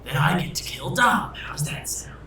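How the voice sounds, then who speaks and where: A man's voice: on the high side, very animated, normal speed, creaky, sharp tone, a little hiss or hum, exaggerated voice. A man voicing a sulky, embarrassed husband who speaks bluntly and spitefully. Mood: sullen. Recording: echoey room, far from mic.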